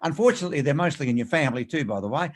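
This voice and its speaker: Male author, rapid storyteller, emphatic, interview guest. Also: a little high, a little hiss or hum. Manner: animated anecdotes, quick and emphatic.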